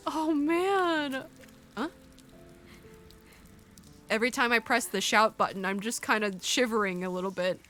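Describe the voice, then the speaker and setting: A woman streamer talks through a video game in a bright, sharp voice. Her pitch runs high and swoops around as she muses aloud, answers her viewers and coos at the creatures on screen. Soft game music sits faintly behind her. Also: expressive, a little slow, pauses often. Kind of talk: casual live-stream commentary.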